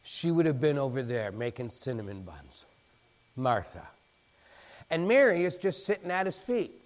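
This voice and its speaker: A man preaching a sermon in an animated way, acting out bits of dialogue and building to emphatic peaks. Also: mid-range voice, moderate pace. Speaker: pastor.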